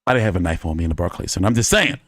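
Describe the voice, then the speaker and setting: A man's voice: low voice, very fast, no echo. A man hosting a boxing channel, telling stories to his viewers in a loose, profane, laughing way. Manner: animated, profane, laughing anecdotes. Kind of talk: casual storytelling to viewers.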